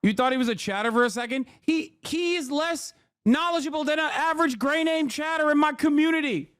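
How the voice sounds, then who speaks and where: Male streamer, high voice, dry close mic, cussing and animated reactions. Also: a little fast, no echo. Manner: profane, animated and boastful. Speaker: streamer and political commentator.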